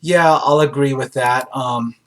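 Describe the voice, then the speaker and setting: A man of middle pitch reads audience film reviews aloud and answers each one in a loose, unscripted way. His asides are dry and sarcastic, and he leans on frequent ums as he thinks. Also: unhurried, fairly bright tone. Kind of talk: casual commentary reading reviews aloud.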